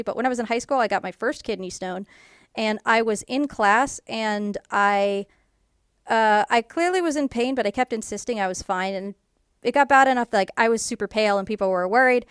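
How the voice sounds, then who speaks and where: A woman casually telling a personal story to camera in a rambling way, full of fillers, and animated when she quotes people. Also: a little high, clean tone, no echo, clean studio sound. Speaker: YouTuber.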